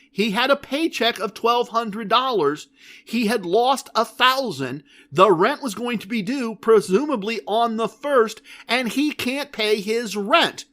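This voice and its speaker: High-voiced man telling a casino story. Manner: animated, emphatic storytelling. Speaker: podcast host. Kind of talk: casual storytelling.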